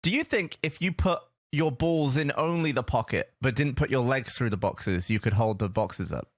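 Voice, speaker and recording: A man's voice: medium pitch, moderate pace, no room sound, studio quality. A man co-hosting a podcast in casual chat, tossing in playful, wry asides. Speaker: podcast co-host.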